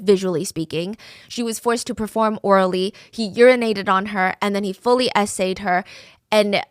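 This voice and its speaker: A woman's voice: medium pitch, fairly bright tone, no room sound, clean studio sound. A woman telling a true crime story in a casual, conversational way, with fillers like "like" and "I mean".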